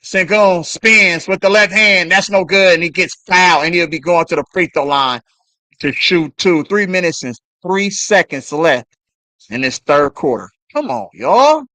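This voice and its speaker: Animated, cussing fan play-by-play man. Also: high voice, a little slow, no room sound. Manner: excited, profane trash talk at players. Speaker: live stream commentator. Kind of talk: fan play-by-play watch-along.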